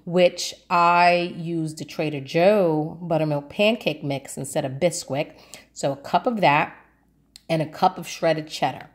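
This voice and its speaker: A woman from New York City, a vlogger chatting casually through a grocery haul, rambling along with lots of ums and uhs. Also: sits low.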